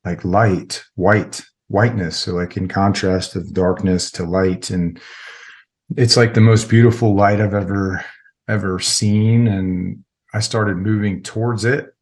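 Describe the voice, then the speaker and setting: Low-voiced middle-aged man telling a story. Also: steady tone, a little slow, a little mellow. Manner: rambling, heavy with filler words. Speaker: podcast guest, military veteran. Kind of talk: casual interview storytelling.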